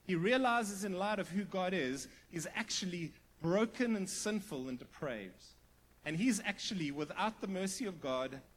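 A middle-aged man, preaching a sermon in an earnest, conversational way, with asides and restarts and sudden drops to a hushed voice for emphasis. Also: sits high. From South Africa. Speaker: pastor.

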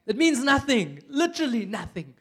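A young South African man preaching a casual, humorous sermon in church, chatty and animated, with lots of "like" and bursts of laughter. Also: very high voice, normal speed.

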